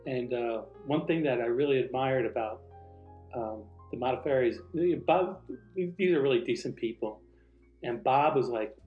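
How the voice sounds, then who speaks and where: A man recounting a true personal story in an animated way, acting out the dialogue he quotes. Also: medium pitch, normal speed, reverberant, dull audio, soft background music.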